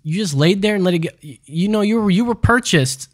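A man's voice: high-pitched, lively intonation, a little fast. A man hosting a casual podcast, reading news stories and ranting about them with heavy profanity and mockery. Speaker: podcast host. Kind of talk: casual crude news rant.

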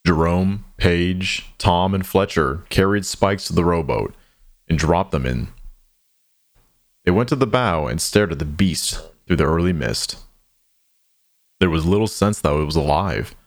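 A man narrating an audio drama in a measured, somber storytelling manner. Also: sits low.

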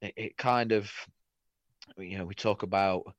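Low-voiced man, casual sports talk. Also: measured pace, dry recording. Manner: swears freely, laughs and gets excited. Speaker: sports podcast co-host. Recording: dry, dull lo-fi podcast audio.

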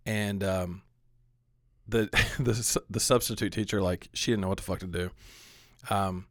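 A man's voice: sits low, fairly even intonation, measured pace, no room sound. Swearing, rambling young man, dry sound. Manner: rambling with many "like" fillers, swears freely. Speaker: podcast co-host telling a story. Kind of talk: casual chat, profane storytelling.

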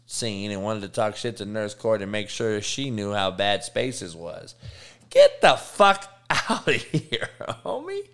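A man's voice: on the low side, smooth. A man hosting an online talk show, ranting heatedly and swearing constantly as he calls out people in his audience. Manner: foul-mouthed, heated ranting, addresses trolls directly. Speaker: show host.

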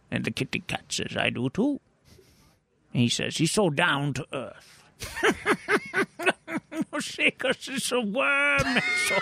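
A man putting on a hammy joke-teller who builds up his puns with a theatrical, swooping delivery. He drops into whispers and jumps up high in pitch, with a gravelly edge in a dry, close sound. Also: pushed and bright, no room sound, heavily acted. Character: corny male pun-telling joker with a playful storyteller voice.

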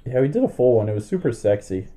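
A man's voice: mid-range voice, big pitch swings, quick pace, warm tone. A man co-hosting a casual podcast, joking and laughing often. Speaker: podcast co-host. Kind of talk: casual chat.

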